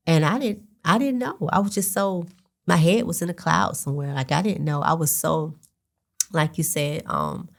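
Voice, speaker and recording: Low-voiced woman hosting a podcast. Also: moderate pace, creaky. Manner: reflective, hesitant with "um" and restarts. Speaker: podcast host. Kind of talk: conversational interview.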